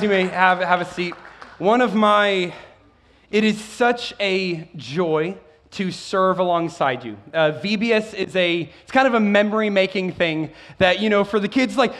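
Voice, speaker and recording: A male pastor preaching in a church, eager and animated, who often trips over his words and starts sentences again. His voice sits high for a man. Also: unhurried, a crowd in the background, noisy background. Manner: excitable, with frequent stumbles and restarts. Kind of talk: sermon.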